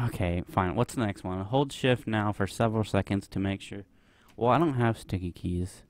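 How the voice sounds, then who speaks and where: A man's voice: lowish voice, moderate pace, few pauses, a little mellow, no echo, clean studio sound. A young man giving nervous, rambling commentary while playing a horror game, full of fillers. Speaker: gameplay commentator. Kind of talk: let's play commentary.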